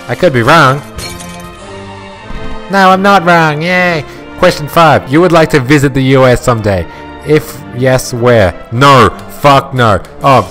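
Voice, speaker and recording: A man's voice: mid-range voice, a bit bright. A young man commenting on his own gameplay in a crude, sarcastic, profane way. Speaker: gaming commentator. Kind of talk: let's play commentary.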